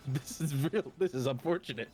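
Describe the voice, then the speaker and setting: A man's voice: mid-range voice, a little fast, dark tone. A man chatting and joking with friends during a game stream. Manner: joking, riffs on bits. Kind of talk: casual chat during a stream. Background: game music.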